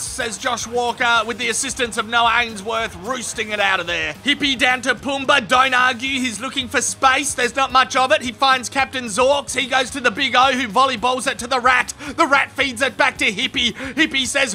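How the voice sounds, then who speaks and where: An Australian man doing crude, cheeky comedic commentary over sports highlights. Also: pushed and bright, faint music behind. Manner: cheeky, crude, rapid-fire jokes.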